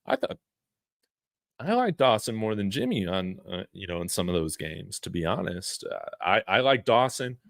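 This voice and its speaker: A man's voice: lowish voice, moderate pace, vocal fry, dry recording, studio quality. A man hosting a live sports stream, chatting casually, reading viewer messages and rambling with fillers. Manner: relaxed, rambling, frequent fillers and chuckles. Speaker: sports channel host.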